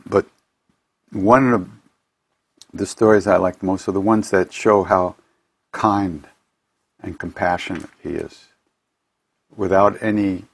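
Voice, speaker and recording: Low gravelly guy rambling through a story at home, repeats himself a lot. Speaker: spiritual teacher hosting an online gathering. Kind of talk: casual storytelling talk. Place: his home. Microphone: home computer mic for an online event.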